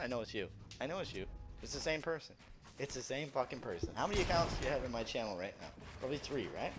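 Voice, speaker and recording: A young man streaming a game, ranting at chat in a profane, sarcastic, mocking way. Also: mid-range voice. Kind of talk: heated livestream rant. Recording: steady background noise.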